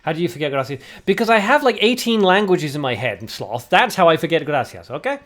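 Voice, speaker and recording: Very animated and fairly quick, this man has a high-leaning, fairly bright voice as he commentates a card game tournament on stream. He banters and jokes with his chat, answering comments amid the play-by-play. Faint music plays behind him.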